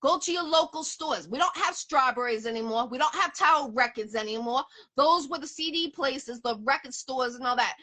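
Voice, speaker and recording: A woman's voice: high-pitched, normal speed, hardly any pauses, pushed and bright. A woman hosting a casual interview, talking emphatically and repeating her points. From Boston area. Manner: emphatic, repeats herself, promotional. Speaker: host.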